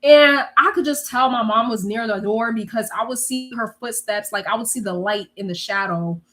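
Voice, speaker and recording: A young woman telling stories in a casual, animated way, swearing freely and laughing often. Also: fairly high pitch, moderate pace. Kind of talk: casual storytelling chat.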